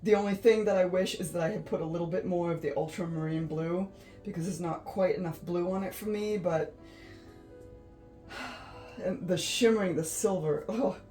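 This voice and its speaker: A tired woman vlogger chats late at night, gushing and giggling in awe at her own painting. Her voice sits low and mellow. Faint music plays behind her. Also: steady tone, normal speed. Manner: gushing, giggly, easily awed. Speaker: art vlogger. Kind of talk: casual chat to viewers.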